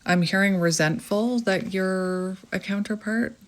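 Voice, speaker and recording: A woman's voice: medium pitch, a little slow, a little hiss or hum. A woman in her thirties with a Canadian accent, giving a reflective, meandering spiritual tarot reading to her viewers. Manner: gentle, reflective, meandering with fillers. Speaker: tarot reader.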